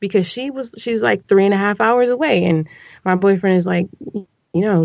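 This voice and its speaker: A woman guest on a casual podcast, telling a story in an animated way, her voice climbing when she gets upset. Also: fairly high pitch, normal speed, creaky, no room sound, muffled recording.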